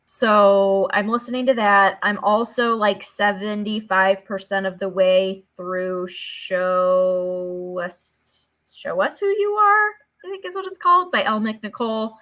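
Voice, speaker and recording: Bright-voiced woman co-hosting a book chat. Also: medium pitch, slow. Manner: chatty, many "like" fillers. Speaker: book discussion co-host. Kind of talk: casual live book chat.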